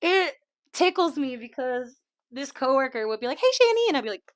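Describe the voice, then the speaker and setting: A woman hosting a casual podcast, chatty and laughing often, slipping into quiet asides. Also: high-pitched, expressive, moderate pace, no room sound, studio quality. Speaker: podcast host. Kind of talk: casual chat. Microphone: small desk mic.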